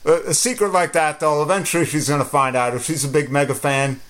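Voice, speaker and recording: A man's voice: on the high side, steady tone, fast talker, fairly bright tone. A man interviewing a guest, chiming in with short reactions and comments. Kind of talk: casual interview chat.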